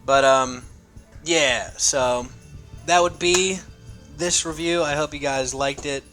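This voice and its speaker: A man's voice: a little high, slow, sharp tone, faint music behind. A young man casually reviewing a comic, rambling and swearing with enthusiasm.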